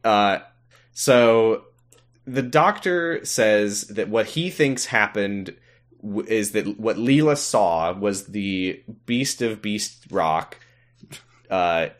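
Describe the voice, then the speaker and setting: A man co-hosting a podcast, recapping an episode in a rambling, deadpan way with profane asides. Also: lowish voice. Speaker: podcast co-host. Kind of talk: casual chat recapping an episode.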